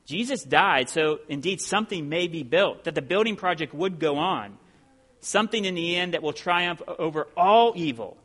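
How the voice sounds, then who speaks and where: A middle-aged man preaches a sermon in an earnest, emphatic way. His voice sits a little on the high side, and it climbs when he stresses a point. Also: lively intonation, moderate pace, a bit bright. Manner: earnest preaching, rising emphasis on key phrases. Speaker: pastor.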